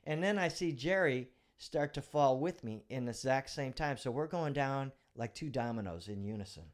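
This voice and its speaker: A man's voice: mid-range voice, lively intonation, normal speed. A middle-aged man, a retired police officer, telling a vivid personal story as a guest in a casual interview, now and then swearing.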